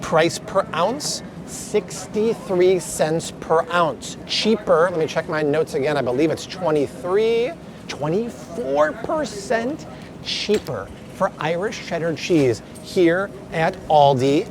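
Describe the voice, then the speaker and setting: A man's voice: on the high side, expressive, takes it slowly, hardly any pauses, a crowd in the background. Upbeat man touring grocery aisles. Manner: upbeat, emphatic price comparisons. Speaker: grocery vlogger. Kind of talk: store walkthrough vlog. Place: supermarket aisles.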